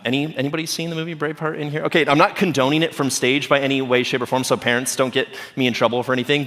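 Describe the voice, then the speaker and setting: Joking pastor preaching in a reverberant hall. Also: male voice, mid-range voice, fairly bright tone. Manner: conversational and humorous, often asking "right?". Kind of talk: sermon. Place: church auditorium. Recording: long reverb of a church hall.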